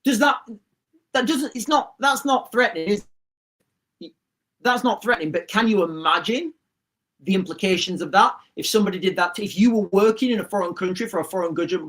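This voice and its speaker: A man's voice: high-pitched, a bit bright. A middle-aged man, hosting a livestream and telling a rambling story to his chat with many restarts. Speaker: livestream host. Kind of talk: casual storytelling to a live chat.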